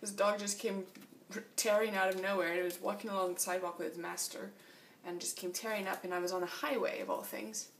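A woman's voice: mid-range voice, steady tone, a little fast, few pauses, distant mic, slight background noise. A tired woman chatting casually in a video diary about her cycling trip, laughing often, in a small motel room. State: tired after a long flight. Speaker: long-distance cyclist vlogging.

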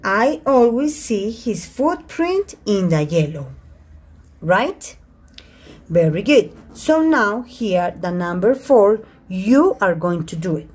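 A woman's voice: mid-range voice, big pitch swings, slow, darkish tone, breathy edge. A woman teaching an online English grammar class in a Spanish accent, her first language being Spanish, reading example sentences aloud and switching into Spanish to explain. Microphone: computer mic in a video call.

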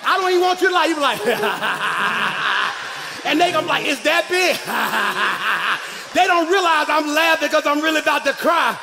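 Male pastor, 40s, high-pitched shouting call-and-response preacher in a church sanctuary. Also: fairly even intonation, rapid-fire, hardly any pauses, in a large hall, a little hiss or hum. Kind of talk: live sermon.

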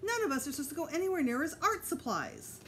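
A woman voicing an indignant, excitable schoolboy in a storybook reading, exclaiming high and loud. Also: fast talker, slight background noise. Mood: worried.

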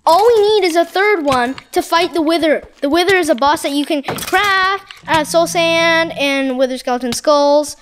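A woman giving excitable, dramatic commentary over her Minecraft gameplay, exclaiming and repeating herself. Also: very high voice, normal speed, hardly any pauses, a little hiss or hum. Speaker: gaming channel host.

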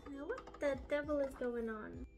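A young woman vlogging in a chatty, excitable, gushing way as she assembles a baking project. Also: sits high, moderate pace. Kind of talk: casual baking vlog.

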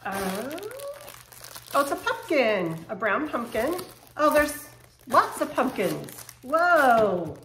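Gushing woman unboxing in an echoey room. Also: on the high side. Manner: excitable, gushing, quick bursts of surprise. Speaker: lifestyle vlogger unboxing home decor. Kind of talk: casual unboxing chat to camera. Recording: echoey room with faint noise.

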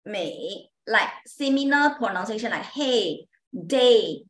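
Woman, Chinese tutor online, fairly high voice, unhurried, repeats every sound. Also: lively intonation, sharp tone, reverberant, poor audio. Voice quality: non-native English, simple phrasing. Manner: patient, repeats sounds slowly for students. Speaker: Chinese language teacher. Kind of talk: online pronunciation lesson.

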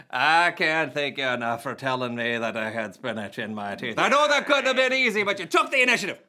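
A man voicing a boastful, excitable Scottish rapper character with a put-on Scottish accent in a kids' church comedy skit. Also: fairly high pitch, heavily acted. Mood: cheerful. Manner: boastful, flustered, quick to laugh.

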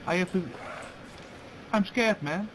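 A man's voice: high-pitched, slow pace, a little hiss or hum, rough recording. Nervous Dutch-accented man in game chat. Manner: pleading, nervous. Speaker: stranger player in an online game.

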